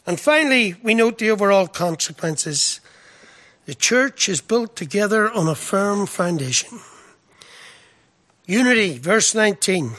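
A middle-aged male preacher with a high voice delivers a sermon. His tone is bright and forceful. He talks earnestly, repeats words and often checks with the listeners. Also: lively intonation, measured pace.

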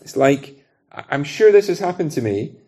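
A man's voice: on the high side, sing-song, normal speed, warm tone. A man from Britain preaching a sermon in an earnest, conversational way, using everyday illustrations.

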